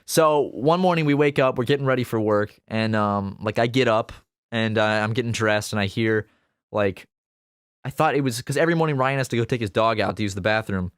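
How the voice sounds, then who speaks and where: A man's voice: fairly low pitch, fairly quick, smooth, no echo, studio quality. A man co-hosting a casual podcast, telling a rambling personal anecdote with plenty of fillers. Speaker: podcast co-host.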